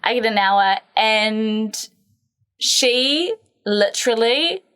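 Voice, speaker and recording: A woman from France co-hosting a podcast, telling a story in casual chat, animated, laughing often and swearing freely. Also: on the high side, drawn-out words, clear, resonant tone. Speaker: podcast co-host.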